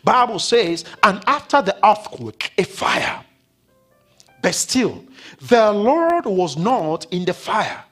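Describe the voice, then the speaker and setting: A male pastor preaching a sermon in a church, swinging from loud declarations to hushed, whispered words. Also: high-pitched, sing-song, slow pace. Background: faint keyboard music.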